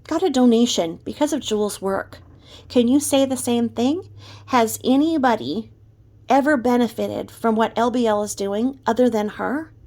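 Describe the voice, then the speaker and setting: A woman delivering a ranting commentary vlog from her home desk, emphatic and repetitive in her scolding. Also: medium pitch. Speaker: commentary vlogger.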